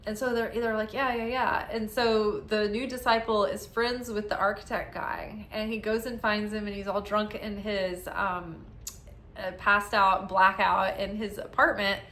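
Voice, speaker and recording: A young woman gives a casual tarot reading, sounding tired as she rambles and fills her talk with frequent "like"s. Her voice is mid-range and a bit bright, flat in delivery and measured in pace, in a room with noticeable echo.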